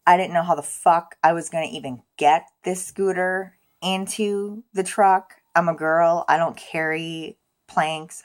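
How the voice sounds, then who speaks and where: A young woman telling a storytime vlog in a casual, profane, self-mocking way. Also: fairly low pitch. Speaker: vlogger.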